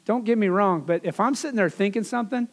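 A pastor preaching a sermon in a high voice for a man. He talks to his people in a loose, conversational way, with asides and phrases he says again and again. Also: fast talker.

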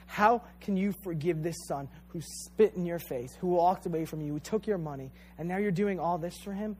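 A man doing a resentful young older brother, aggrieved and pleading, slightly high voice, faint hum behind. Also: normal speed, darkish tone, natural voice. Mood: bitter.

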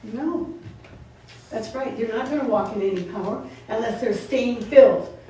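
A woman's voice: fairly high pitch, normal speed, dark tone. A woman preaching a sermon, firing repeated questions at her congregation with laughing asides. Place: church sanctuary. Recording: roomy echo, from far off, faint noise.

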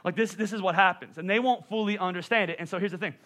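A middle-aged male pastor preaching a sermon, telling stories with lively asides to the congregation. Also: high-pitched, quick pace. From Pennsylvania. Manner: animated storytelling with asides to the congregation.

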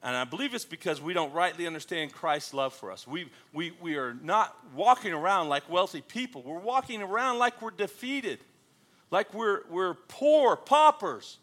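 A man preaching a sermon to his congregation, animated and joking, often calling out questions to the room. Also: on the high side, moderate pace, few pauses. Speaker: pastor.

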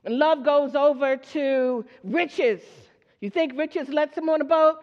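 Slow and high-pitched, a woman's voice carries a sermon through a church hall, where she poses questions to the congregation in call-and-response and acts out characters in quoted voices. The recording is dull and lo-fi, with long hall reverb.

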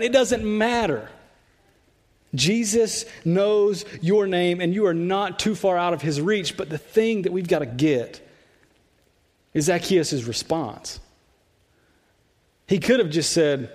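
A man's voice: high-pitched, expressive, a little slow, a little mellow. A man preaching a sermon to a church congregation in a loose, conversational way, often repeating words and saying "like". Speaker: pastor. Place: church sanctuary.

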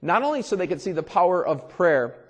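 A pastor preaching a sermon in a conversational way, repeating phrases and swelling loud for emphasis. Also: male voice, high voice, big pitch swings, brisk, muffled recording. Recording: long reverb of a large hall.

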